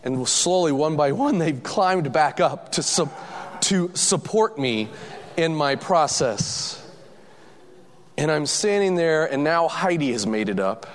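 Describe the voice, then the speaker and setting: Animated man telling a story in a hall. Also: a little high, takes it slowly. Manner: lively, self-mocking, acts out quoted voices. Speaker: speaker telling a personal story.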